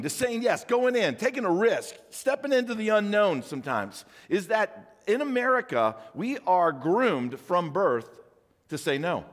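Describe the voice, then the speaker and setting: An older man preaching a sermon as a pastor, talking conversationally with animated rhetorical questions. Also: high voice, big-room sound.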